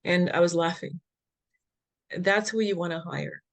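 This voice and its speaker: A woman's voice: lowish voice, unhurried, creaky. A woman who founded a health foundation, telling her story as an interview guest in an earnest, emphatic way and laughing between points.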